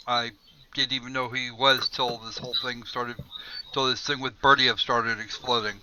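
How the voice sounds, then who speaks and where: A man hosting a casual panel chat, talking loosely with halting fillers. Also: medium pitch, level tone. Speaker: podcast host. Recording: dull lo-fi mic with faint hiss.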